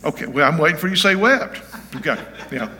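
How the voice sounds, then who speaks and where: A man's voice: a little high, expressive, fast talker, sharp tone. A man in his seventies, a pastor giving an informal, folksy teaching sermon and often checking in with his listeners. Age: 70s. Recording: reverberant hall.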